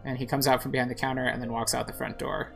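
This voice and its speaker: A woman's voice: rumbling low, flat delivery, fast, creaky, faint music behind. A woman narrating a video game playthrough in a casual way, describing the screen with fillers. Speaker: game streamer. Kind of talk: casual let's-play narration.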